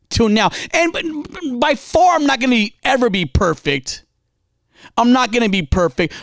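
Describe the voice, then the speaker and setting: A man preaches in a casual, dramatic storytelling style. His voice rises and falls widely, dropping low for confession and climbing high to urge. It is recorded close and dry, with no room echo. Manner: dramatic storytelling, confessional, swings from quiet to fiery. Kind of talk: impassioned spoken sermon.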